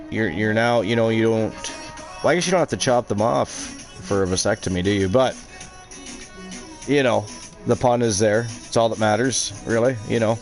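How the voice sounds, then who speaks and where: A man hosting a wrestling video game livestream, with casual, excitable commentary. He throws in mock announcer lines and crude jokes. Faint music runs quietly behind him. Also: mid-range voice. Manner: excitable, jokey, swears freely, announcer-style flourishes. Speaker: stream host and commentator.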